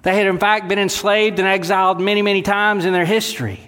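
A male pastor delivers an animated sermon in a church sanctuary. His voice sits slightly high and climbs further when he gets worked up. When he quotes scripture it drops low and slows, and a long hall reverb hangs behind every phrase. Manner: animated preaching, dropping low and slow for quoted words.

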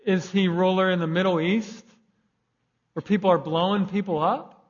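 A man's voice: high voice, fairly even intonation, normal speed. A young man preaching a sermon in a conversational way, raising his voice for emphasis. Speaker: pastor. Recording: dull lo-fi recording.

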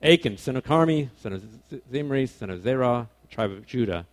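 A man giving a relaxed, conversational sermon to a young crowd. His voice sits at a middle pitch, jumping from loud, stressed points to hushed asides. He talks informally and corrects himself mid-sentence. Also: brisk. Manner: animated, swings between loud emphasis and quiet asides; casual, self-correcting, informal phrasing. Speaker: preacher.

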